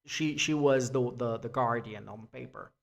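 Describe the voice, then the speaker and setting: A man's voice: mid-range voice, moderate pace, vocal fry. A man giving a free-form spoken essay, rambling with restarts and casual swearing. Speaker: essay vlogger.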